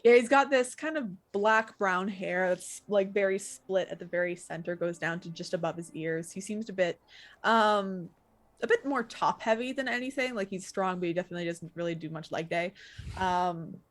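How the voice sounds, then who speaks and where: A young woman narrating as a tabletop game master, casual and full of fillers and quick asides. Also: lowish voice.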